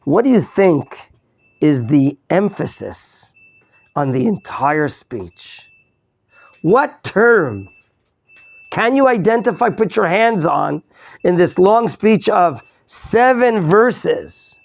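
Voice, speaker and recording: A man's voice: high voice, sing-song, slow, creaky. A male rabbi teaching a Torah class, quizzing his students, repeating his questions and mixing in Hebrew terms. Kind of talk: interactive Torah lesson.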